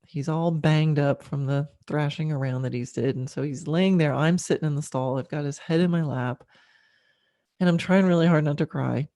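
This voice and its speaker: A middle-aged woman hosting a podcast, telling a personal story candidly and emotionally, with frequent fillers and soft laughs. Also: sits low, normal speed, no echo. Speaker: podcast host.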